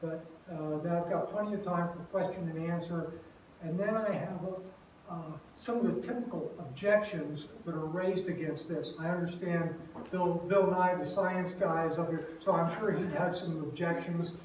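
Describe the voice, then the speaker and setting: A retired older man speaks to a student audience in a very echoey hall, heard from a distance. His voice sits a little high for a man, and he keeps it relaxed and self-deprecating, with plenty of uhs between thoughts. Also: normal speed, slight background noise. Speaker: guest speaker. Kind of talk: lecture to a campus group. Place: large echoey room. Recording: echoey room, far from mic.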